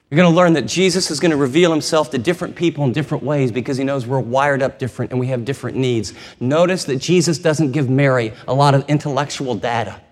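An animated male preacher with a fairly high voice who tells the story vividly and acts out each scene. His sermon rings out in a large hall with a long reverb tail. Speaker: pastor.

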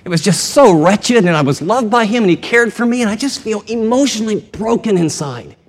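A man voicing a grieving woman disciple in a sermon retelling, speaking softly and haltingly, in a long hall reverb. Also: sits high, lively intonation, pitched above the performer's own voice. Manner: hushed, halting, confiding.

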